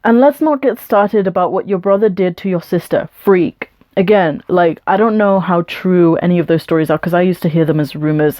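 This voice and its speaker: A woman's voice: lowish voice, darkish tone. A young woman from England vlogging a storytime rant, blunt and combative, swearing often as she answers a hostile comment.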